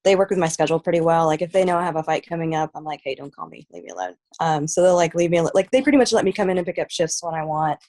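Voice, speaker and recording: A woman from Texas, a fighter, talking casually as a podcast guest, soft-spoken with many "like" and "um" fillers. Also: lowish voice, rapid-fire, hardly any pauses. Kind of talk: casual interview chat.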